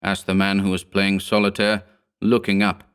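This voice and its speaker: A man with a fairly low voice reads a horror story aloud. His delivery is measured and steady, told in the first person. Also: smooth. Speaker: audiobook narrator. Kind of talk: scripted horror narration.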